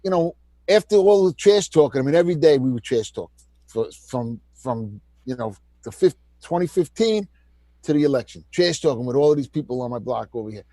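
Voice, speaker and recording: A man co-hosting a heated political chat, talking in an animated, mocking, ranting way. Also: mid-range voice, fairly quick, no room sound. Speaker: co-host.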